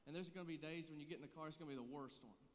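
A man's voice: on the high side, very fast, big-room sound. A man in his thirties preaching a sermon, conversational and joking, growing earnest and intense. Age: 30s. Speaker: pastor.

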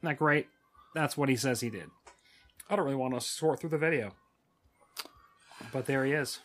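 A man's voice: medium pitch, normal speed, fairly bright tone, faint music behind. A man hosting a casual podcast chat, offhand and loose as he brings up clips. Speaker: podcast host presenting clips.

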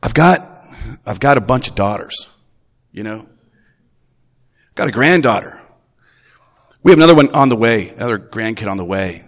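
A middle-aged man, a grandfather, preaching a Sunday sermon in a relaxed, folksy way, full of restarts. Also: on the low side, normal speed, pauses often. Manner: conversational, folksy, with repeated restarts. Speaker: pastor. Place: church. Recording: long reverb of a church hall.

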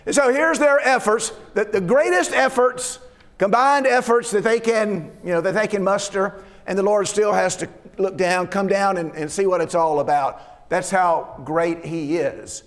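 A man's voice: sits high, a little slow. A man preaching a sermon, reading verses aloud and explaining them in an earnest way, often repeating his words. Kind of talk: sermon on Scripture. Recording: long reverb of a hall.

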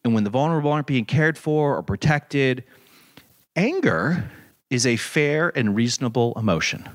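A man preaching a sermon in an animated, conversational way, with dramatic scripture readings. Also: mid-range voice, normal speed. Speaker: pastor.

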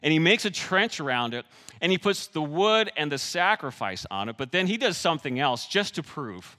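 A man preaching a sermon, animated and joking with the audience, swinging between loud and hushed delivery. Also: on the high side, moderate pace, in a large hall. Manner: jokes with the audience.

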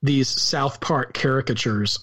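A man with a Southern US accent, co-hosting a podcast and discussing a film in an earnest, halting way with many restarts. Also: mid-range voice, fairly bright tone. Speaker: podcast co-host.

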